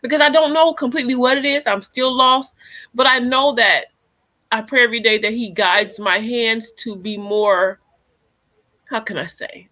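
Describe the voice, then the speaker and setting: A woman's voice: fairly high pitch, normal speed, sharp tone. An older woman co-hosting a casual online talk show, joking and reading viewer comments aloud. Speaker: podcast co-host. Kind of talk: casual chat.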